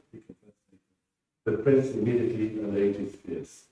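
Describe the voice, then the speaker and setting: A man's voice: fairly low pitch, fairly even intonation, normal speed, dark tone. Man reading prose in an echoey hall. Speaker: writer reading his work. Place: presentation room. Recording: roomy hall from far off.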